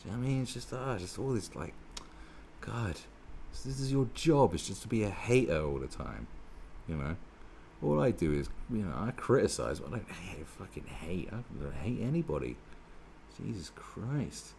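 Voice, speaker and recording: Profane, ranting man with a low voice. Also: big pitch swings, normal speed, creaky, mellow, a little hiss or hum. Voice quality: profane, sarcastic, heated ranting. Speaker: online commentator. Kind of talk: ranting commentary on a newspaper column.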